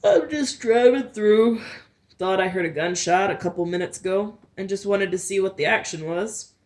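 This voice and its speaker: A woman's voice: medium pitch, moderate pace, darkish tone, lightly acted. A woman reading a story aloud, voicing a nosy, leering small-town sheriff. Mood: casual.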